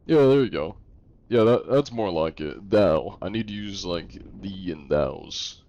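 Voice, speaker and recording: A man's voice: low-pitched, normal speed, vocal fry, darkish tone, dull audio, a little hiss or hum. A young man streaming live, chatting casually with viewers and joking at his own expense. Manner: jokey, self-deprecating, answers chat.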